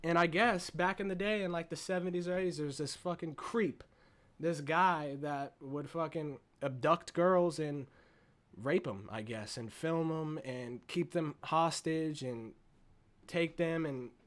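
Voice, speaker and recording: A man giving a casual, excited movie review, profane and swinging between loud bursts and hushed asides. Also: a little high, a little slow.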